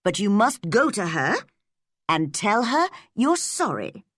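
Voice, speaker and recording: A woman reading an audiobook voices a stern but kind middle-aged farm woman who speaks in a firm, measured way. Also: mid-range voice, sing-song, a bit bright, no room sound, clean studio sound, voice pushed up, heavily acted.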